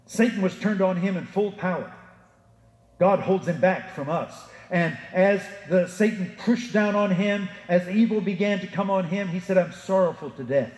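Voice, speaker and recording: A man preaching a sermon as pastor, emphatic, rising for quotations and dropping low to address the listeners directly. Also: moderate pace, a little mellow, lo-fi sound. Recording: echoey hall with long reverb.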